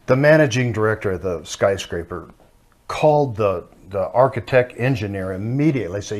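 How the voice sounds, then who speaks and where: Folksy low-voiced older man teaching. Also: animated, normal speed, darkish tone. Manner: folksy storyteller. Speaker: marriage ministry teacher. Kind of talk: teaching a marriage course.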